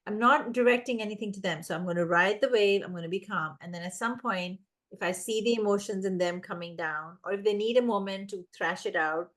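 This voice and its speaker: A woman giving parenting advice in casual conversation, animated and acting out the voices of children and parents. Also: mid-range voice, fairly quick. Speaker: parenting guest expert.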